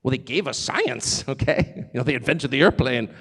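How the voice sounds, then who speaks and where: A man giving an animated, sarcastic, off-the-cuff speech to a live audience. He digresses and laughs at his own jokes. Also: mid-range voice, moderate pace, husky. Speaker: speaker addressing a live audience abroad. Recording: long reverb of a large hall.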